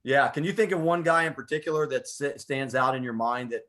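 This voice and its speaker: A male co-host leads a casual interview and asks his guest questions in an encouraging way. He praises the guest freely, in a voice of average pitch. He talks over a video call. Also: a little fast, a bit bright.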